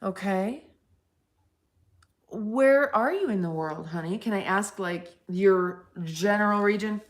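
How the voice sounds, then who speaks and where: A woman's voice: mid-range voice, slow. A woman hosting a livestream, chatting casually with viewers, blunt and profane, calling them by pet names. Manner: teasing, affectionate pet names. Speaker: livestream host answering chat.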